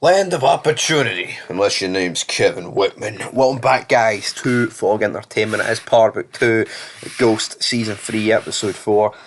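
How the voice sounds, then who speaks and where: Man, lowish voice, casual show recap, rambling and blunt. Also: normal speed, slight background noise. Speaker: TV show reviewer.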